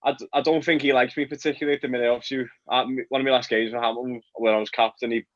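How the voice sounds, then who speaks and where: A man's voice: mid-range voice, fairly even intonation, rapid-fire, lo-fi sound. A young man from Liverpool with a Liverpool accent, chatting casually in an interview as a football player, laughing often and repeating words. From England, Liverpool.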